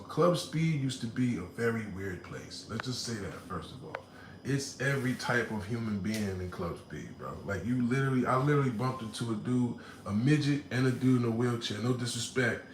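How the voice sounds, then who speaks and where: A man hosting a casual livestream, reading out comments and telling a story in animated, slangy talk with laughs. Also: mid-range voice, reverberant, slight background noise, poor audio. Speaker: livestream host. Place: home room.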